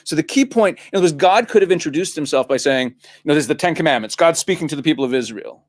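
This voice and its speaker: A man, a rabbi, talking as a guest on a studio talk show, animated and laughing often, restarting and repeating words as he explains. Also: a little high, fast talker. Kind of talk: casual talk-show conversation.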